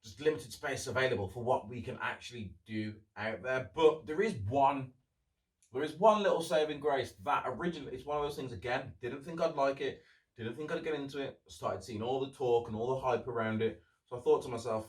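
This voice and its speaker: A man's voice: mid-range voice, far from the mic. Solo podcast host, young man, chatty and loose with swears, sits back from the mic in a roomy space. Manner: rambling, chatty, swears freely. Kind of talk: casual solo podcast chat.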